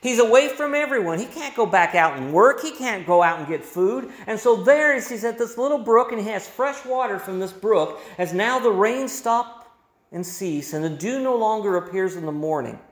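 High-voiced preaching pastor, roomy echo. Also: male voice, expressive, moderate pace. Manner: emphatic preaching with rising and falling volume. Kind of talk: sermon.

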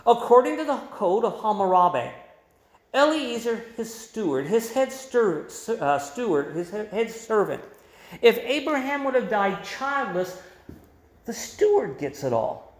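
A man's voice: high-pitched, very animated, measured pace. A man preaching a sermon, explaining scripture in a conversational way and adding emphasis with quoted voices. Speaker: pastor. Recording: roomy echo.

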